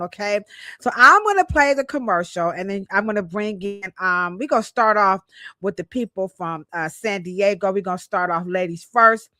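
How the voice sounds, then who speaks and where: A woman's voice: medium pitch, normal speed, bright, forceful tone, dry recording, studio quality. A woman from Cleveland co-hosting a podcast in a playful, joking, hyped-up way, speaking. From Cleveland, Ohio. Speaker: podcast co-host. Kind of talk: lively casual podcast chat.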